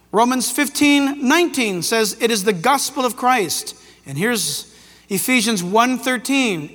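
A man preaching a sermon emphatically, swinging between loud declarations and quiet asides. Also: very high voice. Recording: long hall reverb.

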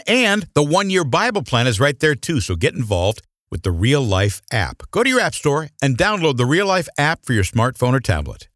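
A man's voice: medium pitch, a bit bright, no echo. A man reading scripted radio announcements and promotions in a friendly tone. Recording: dry close studio mic.

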